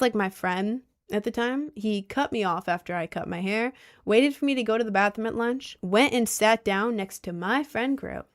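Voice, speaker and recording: Young woman, casual vlogger, animated storyteller, mid-pitched voice. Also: creaky. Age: young adult, about 20. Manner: chatty, animated storytelling, mocking quoted voices. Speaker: content creator. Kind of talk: casual chat to viewers.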